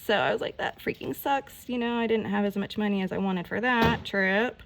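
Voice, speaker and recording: A woman telling a rambling, animated story in a casual storytime vlog while she does her nails, full of "like" and mild swearing. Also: medium pitch, a little fast, noisy background. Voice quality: gravelly, creaky voice. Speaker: nail vlogger.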